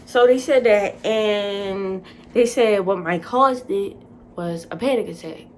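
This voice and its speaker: A young woman vlogger telling a casual storytime, animated and dramatic, full of fillers. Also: medium pitch, slow pace, slight background noise.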